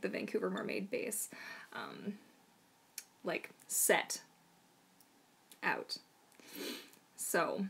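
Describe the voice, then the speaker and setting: A woman's voice: on the low side, creaky, slightly rough. Bubbly woman chatting on a livestream. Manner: chatty and bubbly, many fillers, laughs often. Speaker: livestream host, mermaid tail maker. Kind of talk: casual live Q&A chat.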